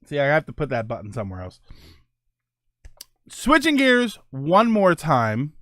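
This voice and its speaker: A man's voice: fairly high pitch, huge pitch swings, unhurried, a bit bright, no echo, clean studio sound. A man in his forties hosting a casual livestream chat, rambling and enthusiastic, laughing often. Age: 40s. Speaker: streamer and host.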